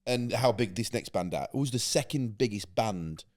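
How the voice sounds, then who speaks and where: A man co-hosting a podcast in casual chat, excitable and often restarting his sentences. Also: medium pitch, normal speed. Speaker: podcast co-host.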